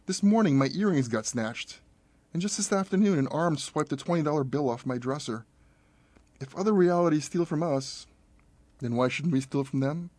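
A man's voice: on the high side, lively intonation, normal speed, a little mellow, no room sound, pitched above the performer's own voice. A man doing Christina, an unsettled grieving woman. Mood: agitated. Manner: insistent, rising.

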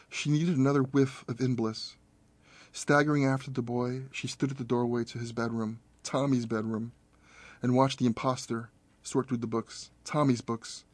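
Audiobook narrator: man, measured and steady, mid-range voice, close dry recording. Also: mid-range voice, no echo.

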